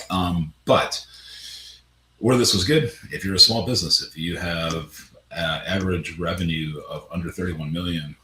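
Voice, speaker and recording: A man's voice: sits low, bright, forceful tone, echoey room, low-quality recording. A man giving a conversational business presentation in a webinar. He often restarts and stammers over his words. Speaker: webinar presenter on tax credits.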